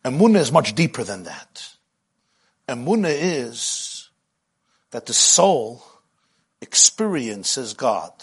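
A man's voice: mid-range voice, big pitch swings, slow, pauses often, slightly rough. A middle-aged man giving a spiritual lecture as a Jewish teacher, with rhythmic, repetitive phrasing that often builds with passion.

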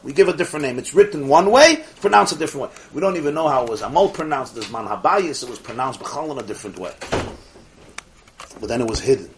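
Male rabbi teaching a class, mid-pitched and emphatic, with a faint hiss behind. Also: animated, fast talker. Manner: emphatic, repeats key phrases, asks the audience questions. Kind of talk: religious study class.

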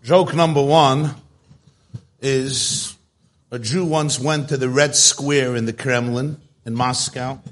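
A man's voice: mid-range voice, steady tone, takes it slowly. A man giving a storytelling talk to a live audience, chatty and joke-telling, speaking straight to his listeners.

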